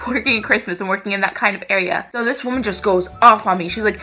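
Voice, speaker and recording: A young woman in her twenties telling a dramatic storytime vlog in an animated way. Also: mid-range voice, fast, few pauses, faint music behind. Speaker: vlogger.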